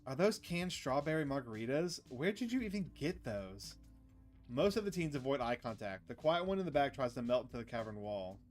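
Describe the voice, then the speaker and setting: A man's voice: mid-range voice, big pitch swings, a little fast, darkish tone, soft background music. A man streaming a visual novel, reading the dialogue aloud and joking with his chat in a playful, casual way. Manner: playful, jokey asides to chat. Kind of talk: casual let's-play narration with character reading.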